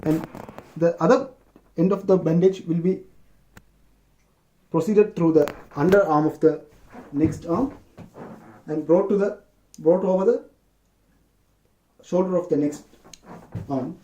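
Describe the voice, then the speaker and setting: A man explaining how to bandage a clavicle injury, halting and often restarting his sentences. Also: on the high side, warm tone, a little hiss or hum. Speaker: medical student demonstrating first aid. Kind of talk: unscripted explanation.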